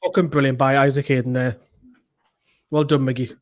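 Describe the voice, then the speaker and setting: A man, co-hosting a live football watchalong from home, chatting casually, swearing and erupting with excitement. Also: medium pitch, brisk. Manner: excitable, swears, shouts at goals. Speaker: fan channel co-host. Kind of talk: live match watchalong chat. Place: indoors at home with a computer.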